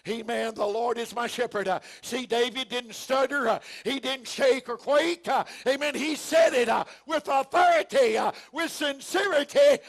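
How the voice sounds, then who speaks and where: A pastor delivering a fervent sermon in a very high, gravelly man's voice. He swings into shouts and fills the gaps with steady "uh, amen" interjections, all in a folksy, homespun manner. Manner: preaching with frequent shouted lines and "uh, amen" fillers.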